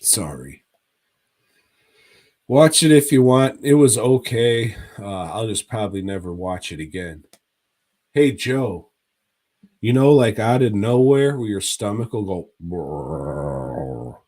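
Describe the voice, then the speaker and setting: A podcast co-host with a medium-pitched, expressive, slightly mellow voice talks movies in a relaxed, meandering, foul-mouthed way. He speaks a bit slowly and pauses often.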